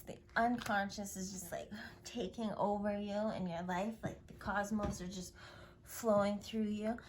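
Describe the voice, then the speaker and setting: Woman tarot reader, mid voice, effusive and affirming, hiss and clicks behind her. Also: mid-range voice. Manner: effusive, affirming, drifting into whispers. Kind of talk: spiritual tarot reading.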